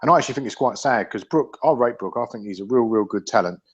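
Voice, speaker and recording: A man's voice: medium pitch, fast talker, breathy edge. A man in a casual podcast chat about boxing, rambling with many restarts and swearing freely. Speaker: podcast panelist. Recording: dull lo-fi audio.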